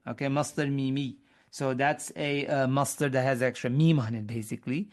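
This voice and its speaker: A man's voice: mid-range voice, fairly even intonation, moderate pace. A man teaching Arabic grammar in an online webinar lesson, explaining step by step, quizzing his students and often restarting his sentences.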